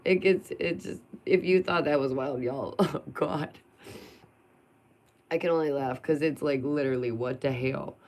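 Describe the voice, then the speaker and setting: A woman's voice: low-pitched, a little slow, a little mellow. A woman vlogger venting in an emphatic, sarcastic monologue full of rhetorical questions.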